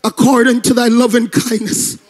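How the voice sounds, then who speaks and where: A male pastor preaching a sermon in a chanted, sing-song cadence with rhythmic breaths, building to shouted passages. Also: very high voice, flat delivery, normal speed. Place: church service.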